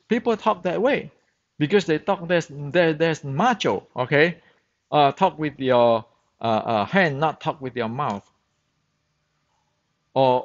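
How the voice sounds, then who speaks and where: Blunt, slow-talking man with a Chinese mother tongue. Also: fairly high pitch, lively intonation. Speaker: Wing Chun instructor. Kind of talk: opinionated monologue. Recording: dull, muffled lo-fi sound.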